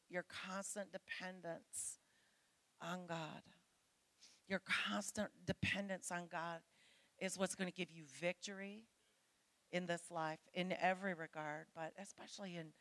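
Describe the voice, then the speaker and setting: A woman's voice: lowish voice, no room sound. A middle-aged woman preaching a sermon to women, earnest and pleading as she speaks straight to her listeners.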